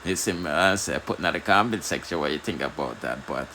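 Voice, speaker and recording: A Jamaican man with a very deep voice hosts a laid-back news commentary. His tone is bright and forward, and faint noise sits behind him. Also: fast talker, rough recording. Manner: relaxed, repeats "you see what I'm saying". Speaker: news commentary channel host.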